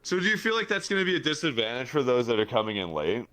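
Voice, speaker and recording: A man's voice: medium pitch, very animated, sharp tone. A man hosting an interview, enthusiastic and chatty, often stopping and restarting his sentences. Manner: enthusiastic, halting, many restarts. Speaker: host. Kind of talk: casual interview chat.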